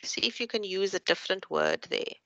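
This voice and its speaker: A woman's voice: medium pitch, vocal fry, bright, forceful tone, dry recording, rough recording. A woman tutor giving patient, encouraging feedback to students in an online class. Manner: encouraging, patient, explains slowly. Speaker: university tutor.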